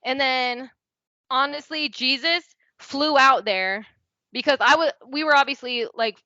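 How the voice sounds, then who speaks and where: Young woman with a bright, animated voice. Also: high-pitched, a little slow, no room sound. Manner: chatty and candid, peppers speech with "like" and swearing, acts out quoted dialogue. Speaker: podcast guest. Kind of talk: casual storytelling in a podcast interview. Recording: dry, slightly dull podcast audio.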